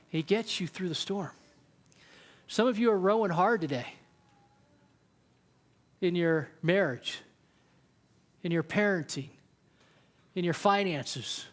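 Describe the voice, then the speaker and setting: A youth pastor speaks slowly in a high voice, pausing often as he gives a casual, chatty sermon. Along the way he dramatizes the lines of people in the story.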